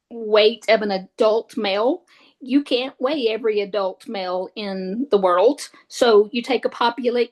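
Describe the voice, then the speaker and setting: A woman talks through a recorded statistics lesson. Her voice sits a little high, and she pauses and corrects herself often, filling gaps with "um". The delivery is casual and unpolished. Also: low-quality recording. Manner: hesitant, many fillers and restarts. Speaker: statistics instructor. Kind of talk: recorded lecture.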